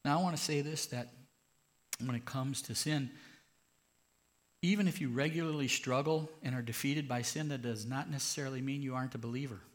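A man's voice: mid-range voice, brisk. A man, a pastor, preaching a sermon in an earnest, conversational way.

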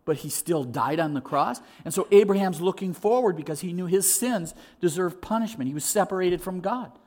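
A male pastor preaching a sermon in an animated way, acting out voices and repeating words as he restarts. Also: high-pitched, fairly quick.

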